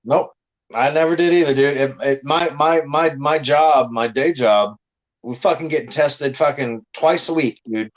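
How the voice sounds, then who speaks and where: A man's voice: a little high, measured pace, highs cut off. A man, a comic creator, telling blunt, profane stories in a casual podcast chat.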